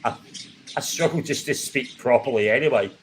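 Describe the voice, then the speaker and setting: A man's voice: medium pitch, normal speed, a little hiss or hum. A British man hosting a casual livestream, chatting with a guest and reading out viewer comments. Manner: chatty, laughing, reads out chat comments. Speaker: livestream host.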